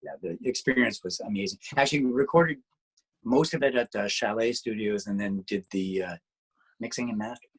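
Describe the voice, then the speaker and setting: A man's voice: fairly low pitch, fairly quick, slightly rough, poor audio. A man being interviewed about his music and radio work, talking casually in a rambling way with lots of restarts. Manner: rambling, with many restarts and fillers.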